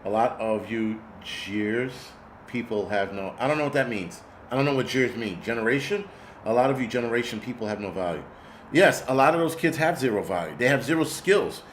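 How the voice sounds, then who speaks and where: A man's voice: medium pitch, animated, brisk, a little hiss or hum. A middle-aged man hosting a casual livestream, ranting bluntly with lots of swearing and reading viewer comments. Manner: profane, blunt, rambling rant.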